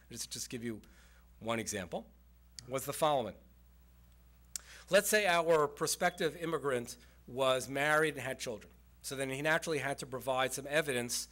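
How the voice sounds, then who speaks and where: A man's voice: mid-range voice, a bit bright. Man giving a conversational history lecture. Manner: conversational, explanatory, with fillers and asides. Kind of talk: lecture with slides. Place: community center presentation.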